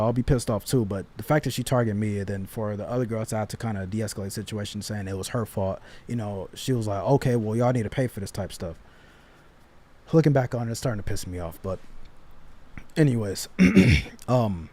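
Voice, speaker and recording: A young man casually telling a personal story, animated and slangy, with frequent restarts and asides. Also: lowish voice.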